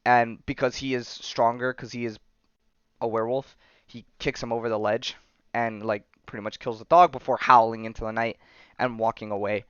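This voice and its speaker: A man hosting a podcast, recapping a comic book in a loose, rambling way full of fillers and tag questions. His voice is clear and mid-pitched. The recording is dry and slightly dull. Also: steady tone, normal speed, fairly bright tone, no room sound. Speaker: podcast host.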